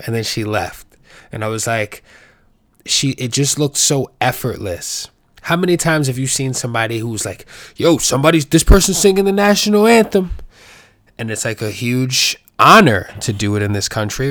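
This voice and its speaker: A man's voice: medium pitch, a bit bright, dry recording. A man hosting his own podcast, talking casually with profanity and rambling playful asides. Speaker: podcast host. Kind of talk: casual solo podcast monologue.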